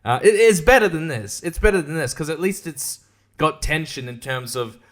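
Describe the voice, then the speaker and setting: A man's voice: on the high side, animated, moderate pace, a bit bright. Sarcastic man ranting about a film. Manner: sarcastic, mocking impressions, profane, laughs often. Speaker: podcast host. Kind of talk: casual film review rant.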